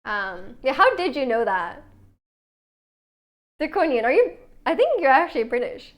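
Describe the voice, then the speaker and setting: A woman's voice: high-pitched, sing-song, normal speed. A young woman streaming from her home kitchen while baking, chatting casually with viewers, reading their messages aloud and using a lot of "like" as filler. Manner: chatty, reads chat aloud, many "like" fillers.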